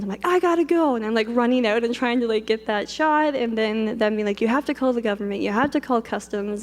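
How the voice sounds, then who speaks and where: A woman's voice: fairly high pitch, a little mellow. Young woman in a reverberant hall. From Canada. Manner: fast, filler-heavy retelling with many "like"s and acted quotes. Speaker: wedding photographer. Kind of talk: personal storytelling talk. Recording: long reverb of a large hall.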